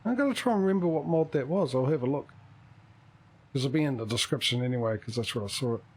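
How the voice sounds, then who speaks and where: Male streamer, husky voice, rambling casual gaming chatter. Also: mid-range voice, lively intonation, quick pace, rough recording. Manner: rambling, thinks out loud. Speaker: streamer hosting a multiplayer game.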